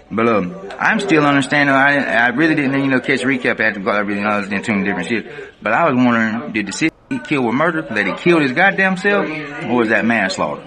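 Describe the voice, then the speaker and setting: This mid-range male voice carries a Southern American accent as he spins a profane, animated prison tale directly to camera. He keeps it casual and laughs frequently.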